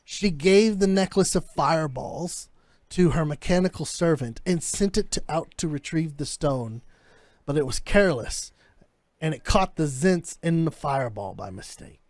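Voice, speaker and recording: A man's voice: a little high, expressive, moderate pace, darkish tone, no echo, close to an everyday voice. A man voicing a paranoid, frightened noble husband who pleads nervously for protection in a tabletop game. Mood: confessing.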